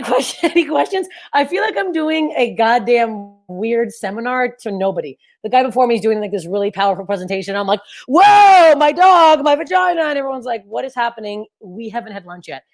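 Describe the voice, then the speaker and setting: Crude, rambling woman comedian on a call. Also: medium pitch. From Canada. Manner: crude, self-deprecating, rambling. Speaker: stand-up comedian. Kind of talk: stand-up set over video call. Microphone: video call.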